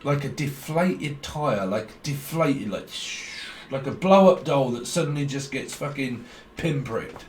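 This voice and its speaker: A man's voice: mid-range voice, lively intonation, a little slow. A man giving a rambling, blunt tarot reading, talking in a stream of consciousness and swearing freely. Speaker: tarot reader. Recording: echoey room, distant mic.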